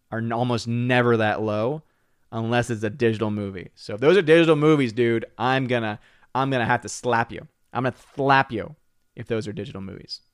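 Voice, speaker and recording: A man hosting a live stream, chatting casually with viewers in an excitable way and often repeating words as he hurries on. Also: medium pitch, clear, resonant tone, dry recording, studio quality. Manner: excitable, repeats words while rushing to the point. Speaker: live stream host reading viewer chats.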